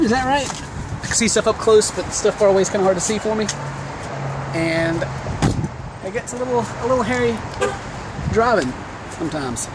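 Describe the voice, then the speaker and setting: A woman vlogging casually at home, switching to high sing-song baby talk with her dog. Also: animated, fairly quick, pauses often, noisy background.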